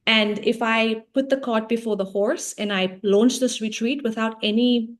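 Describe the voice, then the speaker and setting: A woman's voice: on the high side, fairly even intonation, normal speed. A woman coach, a guest on an interview show, explaining ideas in a casual, talkative way, often checking in with "right?".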